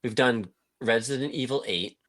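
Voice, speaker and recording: A man's voice: mid-range voice, moderate pace, fairly bright tone. A man hosting a podcast, talking in a casual, chatty and upbeat way. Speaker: podcast host. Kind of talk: casual chat.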